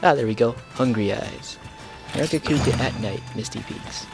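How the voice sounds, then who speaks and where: A man's voice: mid-range voice, fairly quick, creaky. A young man hosting a casual gameplay explainer, rambling with many fillers and jokes, over game music. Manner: rambling, filler-heavy, jokey. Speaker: gaming channel host.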